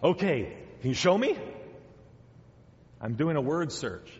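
A man giving a children's sermon as pastor, gently asking the children questions and coaxing answers. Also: a little high, sing-song, measured pace. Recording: dull sound in a long-echo church hall.

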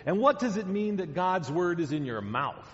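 Pastor, male, children's sermon; slow, somewhat high, coaxing; long church reverb. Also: big pitch swings. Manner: gentle, questioning, coaxing children to answer. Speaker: pastor giving a children's message. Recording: dull sound in a long-echo church hall.

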